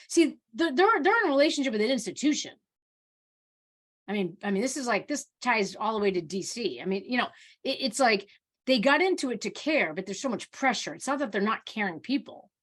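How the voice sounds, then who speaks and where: A woman's voice: on the high side, lively intonation, moderate pace, a bit bright. A woman doctor of Oriental medicine hosting a live Q&A over a video call, talking casually and animatedly, often restarting and repeating words.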